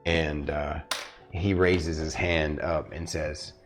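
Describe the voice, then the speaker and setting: A man narrating as game master for a tabletop game, halting with many restarts. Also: very deep voice, flat delivery. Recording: faint background music.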